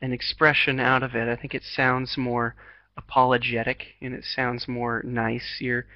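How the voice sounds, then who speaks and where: Teaching English online via video call, this American man is encouraging and laughs a lot, full of fillers and restarts. He speaks at normal speed in a mid-range voice with little pitch movement, on a dry recording with the highs cut off.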